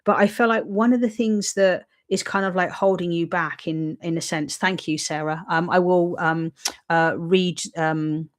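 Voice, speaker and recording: A woman's voice: lowish voice, steady tone, measured pace. A woman hosting a live-streamed psychic reading, talking in a chatty, reassuring, rambling way, with lots of fillers and frequent "okay?" check-ins. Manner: filler-heavy, rambling delivery. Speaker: psychic medium host.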